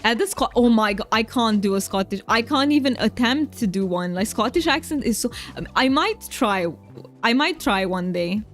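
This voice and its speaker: A woman's voice: fairly high pitch, expressive, moderate pace, soft background music. Chatty Romanian-accented woman streamer. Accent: Romanian, played up for fun. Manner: chatty and kind, talks straight to chat viewers, laughs easily. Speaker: game streamer. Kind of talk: casual live-stream chat while gaming.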